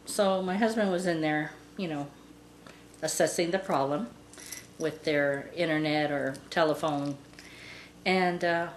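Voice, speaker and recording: Woman, casual rambling storyteller, lowish voice, echoey room, faint background noise. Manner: rambling, with many "and, uh" fillers. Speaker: vlogger telling a pet story.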